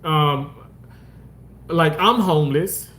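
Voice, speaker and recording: High-voiced animated man chatting live. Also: takes it slowly. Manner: animated, swearing, swings into high mock voices. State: homeless, says so. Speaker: livestream host reading comments. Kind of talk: casual livestream chat. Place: outdoors park.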